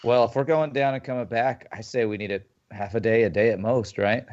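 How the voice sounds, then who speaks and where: A man's voice: mid-range voice, fairly even intonation, brisk, a little mellow, dull audio. A man playing in a tabletop game, planning the group's next moves in a practical way. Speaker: player. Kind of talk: tabletop role-play banter.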